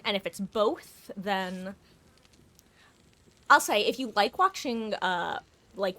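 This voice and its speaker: Chatty excitable woman streamer. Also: mid-range voice, a little hiss or hum. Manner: chatty and excitable, quick bursts of laughter. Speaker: live game streamer. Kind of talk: casual gameplay chat with viewers.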